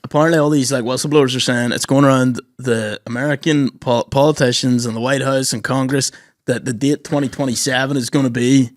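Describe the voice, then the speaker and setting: A man's voice: medium pitch, fairly even intonation, a little fast, no room sound, studio quality. A young Welsh man co-hosting a podcast, chatting casually and crudely with lots of swearing. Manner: crude, joking, swears a lot. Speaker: podcast co-host. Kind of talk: casual chat.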